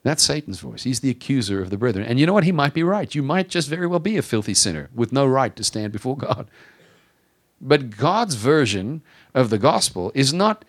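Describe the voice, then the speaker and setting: A man preaching a sermon in a conversational, self-deprecating way, rising in pitch and volume for emphasis and slowing on key phrases. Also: sing-song. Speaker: pastor.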